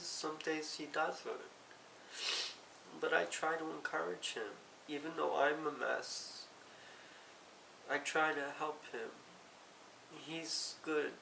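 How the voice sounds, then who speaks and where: Gravelly, slow, tearful middle-aged woman. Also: deep voice, fairly bright tone. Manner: halting, tearful, self-correcting. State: emotional, close to tears. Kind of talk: emotional personal confession. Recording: roomy, distant mic, faint hiss.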